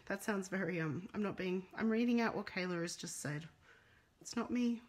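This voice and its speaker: A middle-aged Australian woman with a mid-range voice talks casually at a moderate pace while doing a live papercraft demo, reading viewer comments aloud as she works. It's recorded on a phone.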